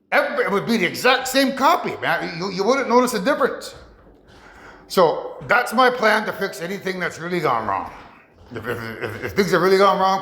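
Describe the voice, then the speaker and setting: A man rambles through a monologue, stopping and restarting his sentences and breaking into laughs. His voice is high, bright and very lively. The recording has a roomy echo. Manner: halting, full of restarts, laughing often. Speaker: vlogger.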